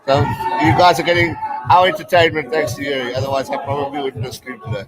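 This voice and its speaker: A man's voice: fairly high pitch, flat delivery, quick pace, rough recording. A man from South Africa hosting a live-stream, chatting casually with viewers and reacting to the game. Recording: music playing behind.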